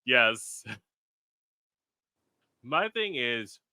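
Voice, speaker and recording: A man's voice: medium pitch, sing-song, extremely slow, creaky, pushed and bright, smooth, no room sound, studio quality. A man hosting a casual podcast chat, blunt and profane, acting out quotes as he talks. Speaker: podcast host.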